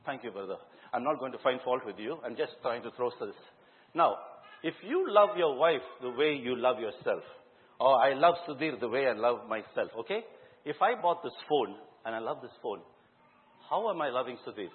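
A man preaching a sermon to a congregation, asking them questions and telling lively stories from his own life. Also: medium pitch, moderate pace. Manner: questions the congregation directly and tells lively anecdotes. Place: church hall before a congregation. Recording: echoey hall, tinny phone-like sound.

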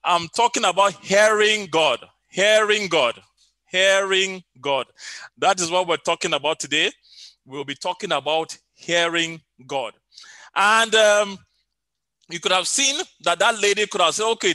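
A man's voice: sits high, moderate pace, sharp tone, no room sound. A middle-aged man preaching a sermon over an online call, telling a story with many fillers and repeated phrases.

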